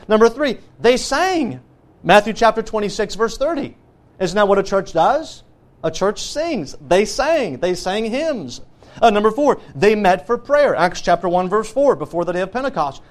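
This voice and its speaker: A man with a notably high voice teaches from the pulpit as a pastor. He moves point by point through scripture references with emphatic, firm delivery. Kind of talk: sermon teaching.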